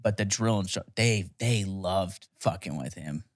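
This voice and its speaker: A man's voice: deep voice, a little slow, no room sound, studio quality. A young man telling rambling, profane stories in a casual podcast chat. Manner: rambling, profane storytelling with laughs. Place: podcast studio.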